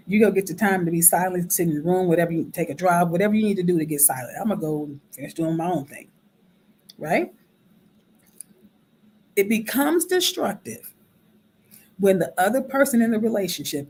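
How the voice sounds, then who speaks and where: Animated woman therapist hosting a talk. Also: fairly low pitch, slight background noise, low-quality recording. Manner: animated, acts out quoted voices. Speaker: host and drama therapist. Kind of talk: casual teaching talk.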